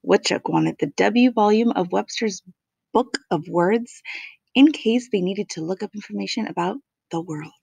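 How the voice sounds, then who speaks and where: A woman reads a children's storybook aloud, measured and expressive, relishing each alliterative phrase. Her voice sits at a middle pitch. The sound is dry and close. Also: vocal fry, breathy edge, no room sound. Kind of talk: children's picture book read-aloud.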